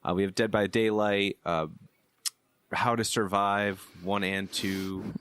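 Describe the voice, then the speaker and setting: Low-voiced easygoing young podcast host. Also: male voice, level tone, slow, a bit bright, slight background noise. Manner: rambling, easygoing, runs the show's segments. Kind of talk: casual podcast chat.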